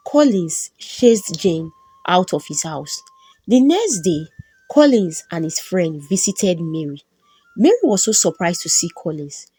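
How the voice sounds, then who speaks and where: Woman storyteller, low husky voice, mellow tone. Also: a little slow, no room sound. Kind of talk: folktale narration.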